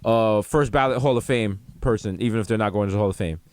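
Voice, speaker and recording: A man co-hosting a podcast from home, trading casual comedic banter and acting out quoted voices with an animated delivery. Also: fairly low pitch, fast talker, no echo. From the Bronx, New York. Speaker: podcast co-host.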